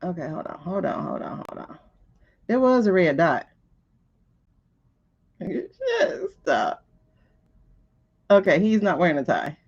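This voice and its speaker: With a fairly low, husky voice, a woman speaks at a slow pace with long pauses, and the highs are cut off. She hosts a livestream, commenting on a news clip in a casual, exasperated way, animated and laughing while talking back to the screen.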